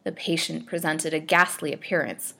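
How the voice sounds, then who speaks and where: A woman narrating a serialized gothic storybook with a dramatic, expressive reading. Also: low-pitched, moderate pace, vocal fry.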